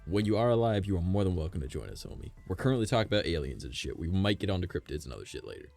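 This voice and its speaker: A man's voice: low-pitched, big pitch swings, rapid-fire, gravelly, darkish tone, faint music behind. A man streaming live from home, chatting loosely with his chat, rambling through wild theories and swearing freely. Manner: rambling, swears a lot, speculative. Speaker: livestreamer.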